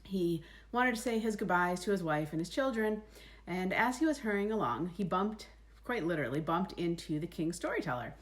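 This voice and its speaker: Woman storyteller, casual folk tale, chatty asides, lively pitch, lowish voice. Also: normal speed. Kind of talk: oral folk-tale telling.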